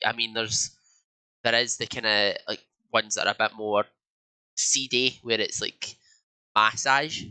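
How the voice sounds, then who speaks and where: A man's voice: lowish voice, fairly even intonation, unhurried, pauses often, pushed and bright, clean tone, rough recording. A young Scottish man co-hosting a casual podcast, rambling with many fillers and restarts. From Scotland. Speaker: podcast co-host. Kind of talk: casual chat.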